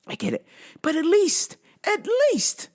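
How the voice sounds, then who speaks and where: A woman hosting a podcast, telling a comic story in an animated, profane way and laughing often. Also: very high voice, unhurried. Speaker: podcast host. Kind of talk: casual comedic storytelling.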